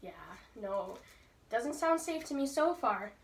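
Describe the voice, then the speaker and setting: A woman's voice: sits high, animated, slow pace. A woman teacher reading a book aloud to her class and stopping patiently to ask the pupils questions. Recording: roomy, from far off.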